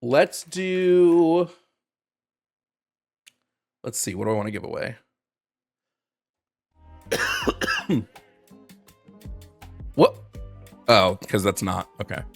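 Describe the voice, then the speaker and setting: A man's voice: mid-range voice, very animated, drawn-out words, gravelly, long pauses, faint music behind. A man hosting a live call-in debate stream, talking loosely and casually with fillers. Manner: loose and chatty, lots of ums and restarts.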